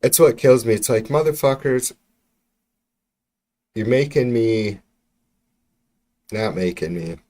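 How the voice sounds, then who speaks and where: A man's voice: mid-range voice, slow pace, pauses often, warm tone. A man hosting a livestream, ranting about politics in a profane, exasperated way with lots of restarts. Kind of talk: casual ranting livestream commentary. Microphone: computer mic while streaming.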